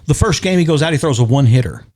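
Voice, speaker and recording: A middle-aged man tells a long story in casual podcast chat, animated and acting out the voices of the people he quotes. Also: fairly high pitch, very fast. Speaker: podcast guest or host.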